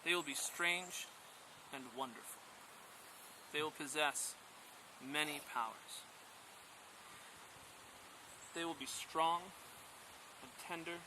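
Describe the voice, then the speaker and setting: A man voicing a wise old female turtle who speaks slowly and solemnly in a storybook tale, outdoors with faint rural sound. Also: fairly high pitch, noisy background, natural voice. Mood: prophetic.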